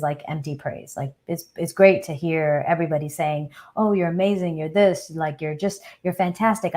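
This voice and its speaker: Hosting a live Q&A, a woman with a low-pitched, darkish voice talks casually and keeps checking in with a questioning "right?". She thinks out loud, using fillers and small restarts.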